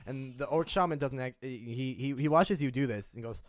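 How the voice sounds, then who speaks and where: A man's voice: mid-range voice, normal speed, dry recording, clean studio sound. A man narrating as game master of a tabletop game, playful and rambling.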